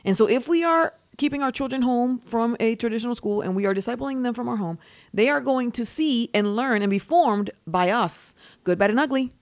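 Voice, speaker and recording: A woman's voice: on the high side, brisk, dry recording. A woman co-hosting a Christian talk show, telling stories in a sincere, reflective way. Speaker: co-host. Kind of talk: Christian podcast conversation.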